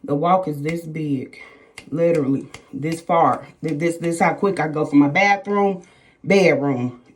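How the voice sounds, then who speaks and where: Low and unhurried, a middle-aged woman tells her viewers a personal story in a relaxed vlog. She's emphatic and repetitive, with "y'all" coming up often.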